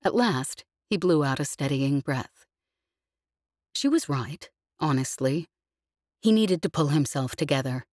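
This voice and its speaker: A woman narrating a novel in a measured, even storytelling voice, read close in a studio. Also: low-pitched, no echo. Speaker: audiobook narrator. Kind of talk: scripted narration.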